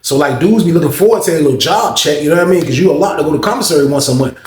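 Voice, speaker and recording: Animated slangy male storyteller. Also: fairly high pitch, racing. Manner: animated, slangy, repetitive "man". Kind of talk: casual storytelling. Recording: roomy echo.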